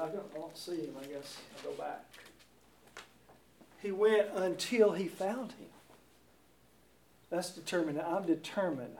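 A man's voice: sits high, a little mellow, a little hiss or hum. A man preaching a sermon in a church, emphatic and repeating his key words, recorded from a distant mic in a roomy space.

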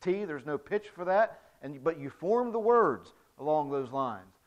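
A man giving a demonstrative spoken voice lesson to a church congregation, moving from soft to loud to show his points. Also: on the high side, lively intonation, measured pace. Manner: demonstrative, explains with physical examples, swings from soft to loud. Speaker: church music director teaching singing. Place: church sanctuary. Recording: dull lo-fi recording.

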